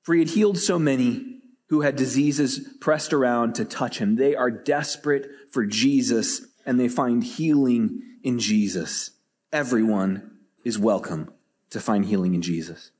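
A man preaching a sermon as pastor, telling stories with lively energy and often repeating words as he starts a phrase. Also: mid-range voice, a little slow, breathy edge, big-room sound.

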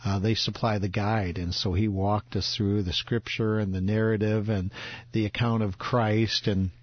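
A man who leads tours, recounting a trip in a steady, measured way in casual conversation. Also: fairly low pitch, dry recording, dull audio. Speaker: tour leader.

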